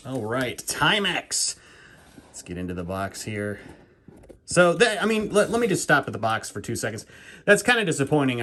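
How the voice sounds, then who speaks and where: A man hosting a casual watch unboxing vlog, talking excitedly and breathlessly, rambling and poking fun at himself. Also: medium pitch, slight background noise. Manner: excitable, rambling, self-mocking. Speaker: watch channel host.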